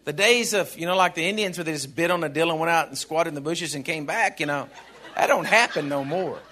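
Older pastor, high-pitched and bright, humorous sermon delivery with loud peaks. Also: male voice, a little fast. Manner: humorous, swings from soft asides to shouts.

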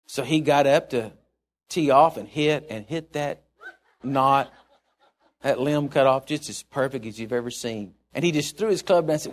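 A man's voice: fairly high pitch, animated, moderate pace. A middle-aged male pastor preaching a sermon, telling stories in a rambling, chuckling way with many restarts.

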